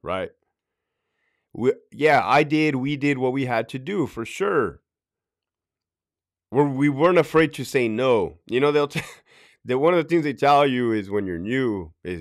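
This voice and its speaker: A middle-aged man tells blunt, profane stories on a casual podcast. He acts out quotes in other voices as he goes. His pitch swings widely from low to high. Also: animated, unhurried. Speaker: podcast host, former correctional officer.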